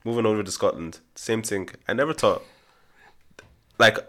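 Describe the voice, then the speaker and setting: A young man in casual podcast chat, relaxed and thoughtful, full of fillers. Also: fairly low pitch, moderate pace.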